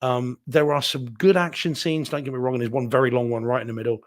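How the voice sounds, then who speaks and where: A man's voice: medium pitch, fairly even intonation, fast. A man, co-hosting a live home theater show and giving a candid, rambling film opinion with many restarts. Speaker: podcast co-host reviewing movies. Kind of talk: casual live-stream chat.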